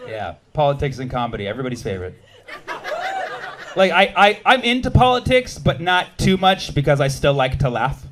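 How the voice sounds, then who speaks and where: A man doing a stand-up comedy set on a club stage, quick and sardonic, trading jabs with the audience. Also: fairly high pitch, big pitch swings, a little hiss or hum. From United States. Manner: quick, sardonic, jumping between bits and audience banter.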